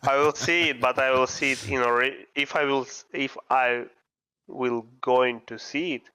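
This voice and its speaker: Male co-host, halting non-native English, bright crisp voice, dry close mic. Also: medium pitch, steady tone, no room sound, rough recording. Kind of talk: casual esports chat.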